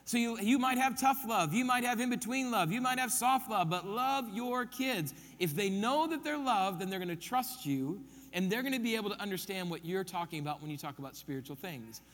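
Brief: male pastor, high voice, emphatic sermon delivery, long hall reverb. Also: lively intonation, fairly quick, few pauses, a bit bright. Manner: emphatic, repeats key points, counts them off.

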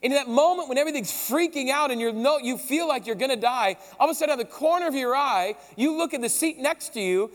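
A pastor delivers a sermon with a notably high voice, retelling the story in a casual, lively way full of slang. His voice carries a long reverb tail from a large hall.

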